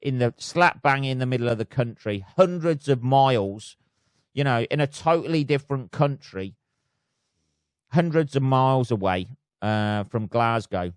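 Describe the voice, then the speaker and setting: A man's voice: mid-range voice, moderate pace, smooth, no room sound, clean studio sound. A man with a Northamptonshire English accent hosting his own podcast, rambling through a casual solo chat full of swearing and fillers. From England. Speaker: podcast host.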